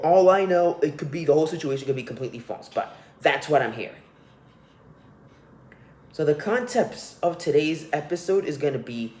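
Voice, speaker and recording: A man's voice: medium pitch, darkish tone. A young man hosting a solo podcast, ranting with profanity and scorn. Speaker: podcast host. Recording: roomy echo.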